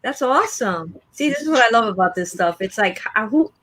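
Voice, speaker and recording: A woman's voice: a little high, animated, a little fast, fairly bright tone, no room sound. Chatty woman co-host, dry close sound. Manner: chatty, rambling, laughs often. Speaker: co-host of a live collectibles stream. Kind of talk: casual live-stream chat. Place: her apartment.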